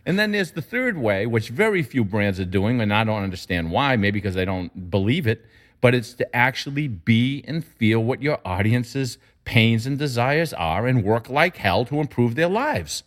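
A man discussing marketing in an emphatic, animated way, his pitch jumping up when he makes a point. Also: normal speed. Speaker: marketing commentator. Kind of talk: conversational discussion.

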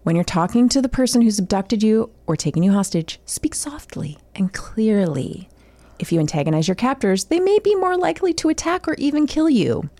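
Chatty woman podcast host, reads a bit then cracks up, bouncy lively voice. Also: a little high, fast, hardly any pauses. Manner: animated, giggly, reads lines then riffs on them. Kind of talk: casual comedic chat, reading aloud from a guide.

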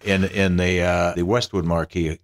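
A man's voice: low voice, flat delivery, moderate pace. A man who is a guest on a podcast, telling meandering, self-deprecating stories in casual conversation. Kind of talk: casual anecdotal storytelling.

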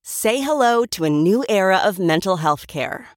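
A woman reads a scripted advertisement in a smooth, even, upbeat delivery. Her voice is recorded dry and close, with no room sound. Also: mid-range voice, normal speed, no room sound. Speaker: ad announcer. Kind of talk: scripted ad read. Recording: dry studio voice-over.

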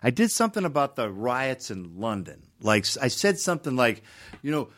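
A man in his fifties, a podcast guest, chatting casually and telling stories with lively energy, slipping into voices now and then. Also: mid-range voice, normal speed, no echo. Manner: animated storyteller who slips into voices.

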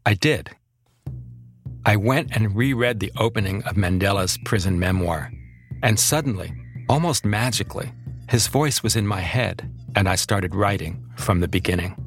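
A man narrating his own memoir as a podcast host, reflective and measured. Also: fairly low pitch, soft background music.

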